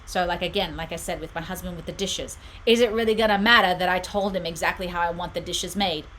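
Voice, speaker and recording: Bright-voiced woman giving soothing advice. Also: lowish voice, steady tone, fast talker, slight background noise, low-quality recording. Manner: warm, reassuring, reads viewer comments aloud. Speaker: spiritual channel host. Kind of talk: live-stream reading and advice.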